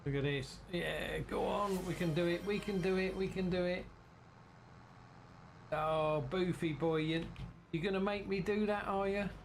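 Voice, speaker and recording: An English man streams a farming game and chats away to his viewers, his voice altered by a filter that sits a touch higher than usual. A steady background hiss runs under the home recording, and he talks to himself while he works. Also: a little slow, vocal fry, rough recording. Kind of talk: casual gaming commentary.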